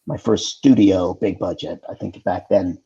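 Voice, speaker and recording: Low mellow-voiced man telling set stories. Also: measured pace, vocal fry, breathy edge, highs cut off. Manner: storytelling with animated impressions. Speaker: actor guest. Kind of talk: casual anecdotes on a video call talk show.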